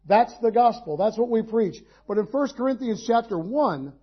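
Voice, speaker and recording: Male pastor, high-pitched, homey sermon delivery, muffled recording. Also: lively intonation, normal speed, husky. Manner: conversational preaching with folksy asides and rhetorical questions.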